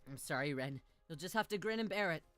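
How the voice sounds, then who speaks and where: Over soft background music on a dry recording, a fast-talking woman with lively intonation and a fairly bright tone streams a visual novel. She reads its dialogue aloud and goofs around with giggles and abrupt high squeals, keeping the let's-play commentary casual.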